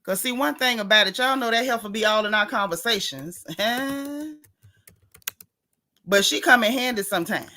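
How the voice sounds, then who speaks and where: A woman hosts a gossip livestream in a sassy, drawling style, calling out to her viewers by name between points. Her voice is bright and a touch high for a woman. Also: normal speed, pauses often. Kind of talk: casual gossip commentary.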